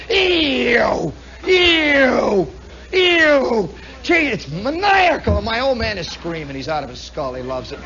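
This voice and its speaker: Middle-aged male radio storyteller, high and lively, dull 1960s broadcast sound. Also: a little hiss or hum. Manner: animated, imitates roaring planes with shrieks. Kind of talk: spontaneous monologue storytelling.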